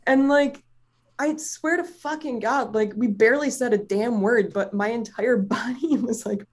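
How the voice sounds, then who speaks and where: A woman's voice: on the high side, normal speed. A woman chatting casually, telling a personal story in a rambling way, full of fillers and swearing, often laughing. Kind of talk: casual chat.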